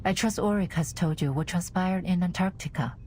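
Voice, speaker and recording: A woman voicing a cool, formal administrator in a game, speaking in a calm, businesslike way. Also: on the low side, fairly quick, a little hiss or hum, natural voice. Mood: serious. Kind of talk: game voice acting.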